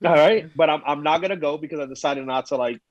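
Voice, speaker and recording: A man's voice: fairly high pitch, fast talker, lo-fi sound. Man telling stories on a podcast. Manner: animated storytelling, quotes himself and others. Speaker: podcast guest. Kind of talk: casual chat.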